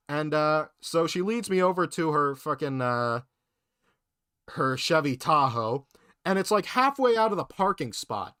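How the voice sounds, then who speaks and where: A young man casually telling work stories in a podcast chat, animated and full of profanity. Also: fairly high pitch, normal speed, clear, resonant tone, no echo, clean studio sound. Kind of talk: casual storytelling.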